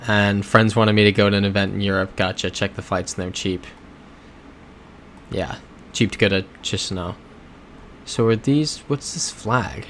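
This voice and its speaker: Speaking at normal speed with long pauses, a livestream host chats loosely while playing a geography game, reading viewers' messages aloud and reacting with ease and soft laughs. His voice is somewhat low, backed by a faint hum of noise.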